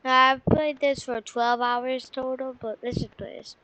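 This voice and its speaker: A woman giving excitable, panicky live commentary while playing a flight game. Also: high-pitched, unhurried, dry recording, poor audio. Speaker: gamer. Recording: loud game engine and gunfire behind.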